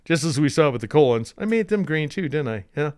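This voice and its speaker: A man hosting a screen-share software tutorial, chatty and enthusiastic, with asides and restarts. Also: on the high side, lively intonation, brisk, no room sound, studio quality.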